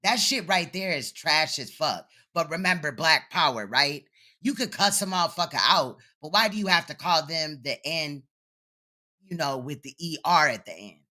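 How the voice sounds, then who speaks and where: A man's voice: fairly high pitch, lively intonation, moderate pace, pushed and bright. A man hosting reaction commentary, sounding incredulous and firing off rhetorical questions. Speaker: commentary host.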